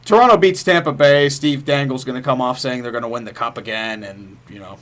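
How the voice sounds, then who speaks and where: A man co-hosting a casual podcast, trading wry, deadpan comebacks. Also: medium pitch, a little fast. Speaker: podcast co-host.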